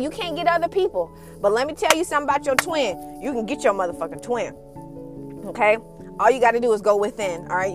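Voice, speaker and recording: A woman's voice: fairly high pitch, fairly bright tone. A woman hosting a casual spiritual podcast, talking in a blunt, sassy and profane way and laughing often. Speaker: podcast host and twin flame coach.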